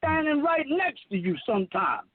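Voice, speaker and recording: A man's voice: very high-pitched, sing-song, moderate pace, dry recording, faint music behind. A man in his fifties delivering a rambling, profane, preachy monologue as a self-proclaimed messiah. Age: 50s. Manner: preachy, emphatic, heavy swearing. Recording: tinny phone line, dry.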